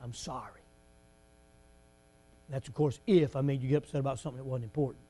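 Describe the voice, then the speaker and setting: A man's voice: medium pitch, fairly even intonation, fairly quick. A man preaching a fervent, folksy revival sermon in a church. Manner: fervent, folksy, rising to shouts.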